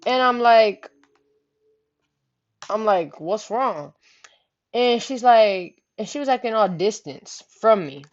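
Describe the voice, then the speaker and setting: A woman's voice: on the high side, lively intonation, slow, pauses often. A young woman vlogger casually telling a story, slangy and full of "you know what I'm saying". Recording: dull lo-fi home recording.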